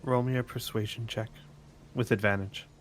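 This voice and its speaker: A man's voice: on the low side, steady tone, normal speed, a little hiss or hum. Man running a tabletop game. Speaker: game master.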